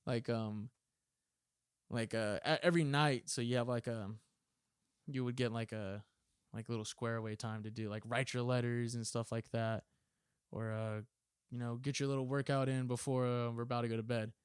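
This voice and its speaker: A man's voice: medium pitch, fairly even intonation, normal speed, clean tone, no room sound. Man in his twenties, former Marine, profane casual storytelling, dry close sound. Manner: profane, laughing, acts out drill instructors loudly. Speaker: podcast guest, former Marine.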